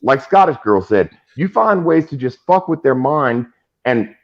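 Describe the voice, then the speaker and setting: A man's voice: mid-range voice, very animated, a little slow. A man from the Boston area ranting animatedly in casual chat on a livestream, swearing freely. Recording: dull lo-fi call audio.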